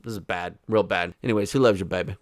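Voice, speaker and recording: A man's voice: low-pitched, steady tone, fast talker, very noisy. A man hosting an online commentary video, talking in a casual, incredulous way and rambling with frequent restarts.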